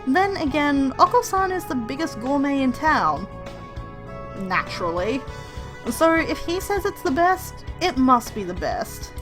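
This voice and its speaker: A woman's voice: high voice, big pitch swings, unhurried, over music. A woman reading the lines of an earnest, exasperated young heroine in a game.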